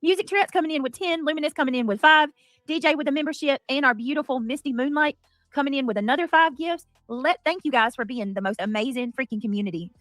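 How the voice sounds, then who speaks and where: A woman hosting a casual livestream, greeting viewers by name and cheering gifts with excited squeals. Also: sits high, quick pace, no room sound, clean studio sound. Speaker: livestream host.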